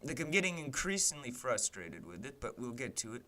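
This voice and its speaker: Fairly quick and very animated, a young man with a medium-pitched voice streams himself making a game. His casual commentary turns into exasperated rants at his tools, heavy on swearing and the fillers "like" and "man."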